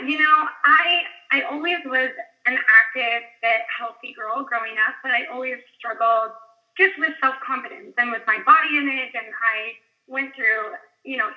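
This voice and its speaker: A woman's voice: sits high, moderate pace. A woman in her thirties, a guest coach, telling her story in a candid, rambling way with a scratchy, strained voice. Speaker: guest speaker, fitness coach. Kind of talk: casual personal story on a call. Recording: tinny phone line.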